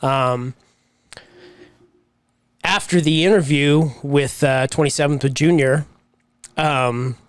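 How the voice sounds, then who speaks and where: A man co-hosting a podcast, talking fast and excitably in a casual, swearing way. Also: on the high side, clear, resonant tone, no room sound, studio quality. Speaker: podcast co-host. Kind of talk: casual chat.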